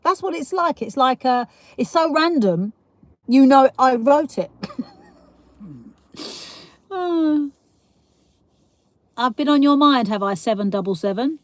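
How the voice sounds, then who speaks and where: A woman's voice: sits high, animated, slow pace, long pauses, dry recording. A woman from South East London with a South East London accent, hosting a casual livestream and chatting with viewers, laughing often between rambling asides. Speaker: livestream host. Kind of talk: casual live chat reading comments.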